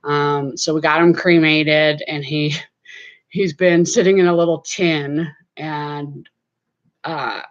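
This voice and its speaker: A woman's voice: deep voice, steady tone, takes it slowly, muffled recording. A middle-aged woman chatting casually to camera from her home, rambling with many fillers. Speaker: vlogger.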